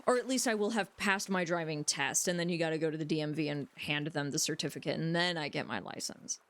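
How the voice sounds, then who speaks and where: A woman's voice: deep voice, quick pace, no room sound. A woman livestreamer in casual chat, rambling and joking as she talks to her viewers from home. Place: home room.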